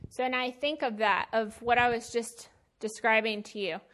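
Woman Bible teacher, fairly high voice, chatty, emphatic preaching with slang. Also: fairly even intonation, normal speed, a bit bright. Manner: conversational and emphatic, with plain slangy asides. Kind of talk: casual sermon.

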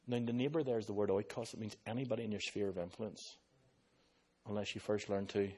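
Husky Irish preacher. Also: male voice, fairly low pitch, a little fast. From Ireland. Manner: animated preacher who tells stories and slips into voices. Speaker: pastor. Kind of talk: sermon.

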